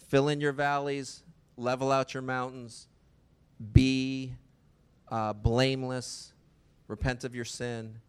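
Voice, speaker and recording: A man's voice: medium pitch, clean tone. A man preaching a sermon in a conversational way, often asking the listeners rhetorical questions.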